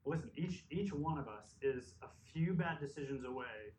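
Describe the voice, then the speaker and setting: A man's voice: medium pitch, expressive, moderate pace, darkish tone, a little hiss or hum. A man preaching a sermon, earnest and emphatic, with conversational asides. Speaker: pastor. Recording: echoey hall mic from a distance.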